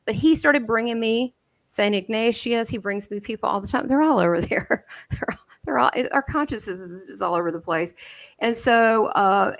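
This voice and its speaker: A woman with a Southern American accent telling stories in an interview, lively and laughing often, with many restarts. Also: a little high, moderate pace, gravelly, dry recording. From southern United States. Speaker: guest medium. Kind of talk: animated storytelling in an interview.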